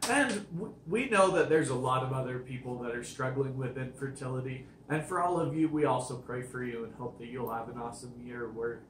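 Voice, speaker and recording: A young man vlogging from home, playful and quick to laugh. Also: mid-range voice, fairly bright tone, echoey room, a little hiss or hum. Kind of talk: casual chat.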